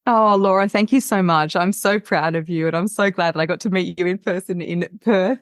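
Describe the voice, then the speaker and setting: Brief: woman, voice coach, lower pitch, expressive teacherly delivery, dry close sound. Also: brisk, no room sound. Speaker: voice coach guest. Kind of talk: casual podcast chat.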